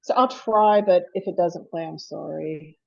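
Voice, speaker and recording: A woman's voice: on the low side, a little slow, gravelly, a little mellow, dull audio. A woman presenting her paranormal investigations at an online panel, chatty and apologetic, laughing often. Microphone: video call.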